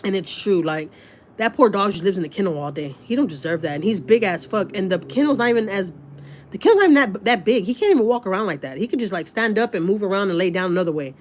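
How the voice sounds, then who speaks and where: Slight background noise underlies a fast, lively, medium-pitched female voice. The speaker, a livestream host from Texas, reads comments from viewers and responds bluntly, swearing freely and stacking up fillers.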